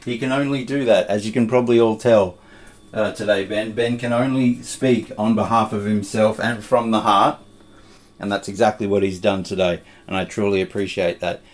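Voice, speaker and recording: Gentle low-voiced man. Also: steady tone, normal speed. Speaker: podcast host. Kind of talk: casual chat.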